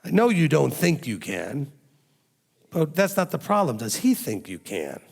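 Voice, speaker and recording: A man's voice: a little high, wildly swooping pitch, measured pace, creaky. A man preaching a sermon as a rabbi, emphatic and firing rhetorical questions at his listeners. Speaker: rabbi teaching a congregation.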